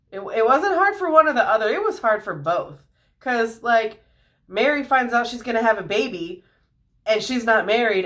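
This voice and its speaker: A woman giving a casual Bible lesson for kids, retelling the story in everyday slang and talking to the viewers in a relaxed, chatty way. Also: mid-range voice. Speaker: youth Bible teacher.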